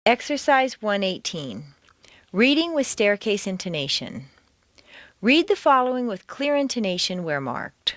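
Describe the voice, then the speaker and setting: Woman reading accent training drills, super expressive pitch, dry close sound. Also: no echo. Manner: clear, deliberate, with exaggerated stress in examples. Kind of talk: scripted instructional narration.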